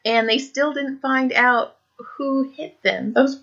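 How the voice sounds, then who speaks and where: A woman's voice: high voice, takes it slowly, vocal fry, lo-fi sound. A woman co-hosting a casual podcast, telling stories with lots of laughs and cursing. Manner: animated storyteller, laughs and swears often. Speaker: podcast co-host. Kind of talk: casual chat.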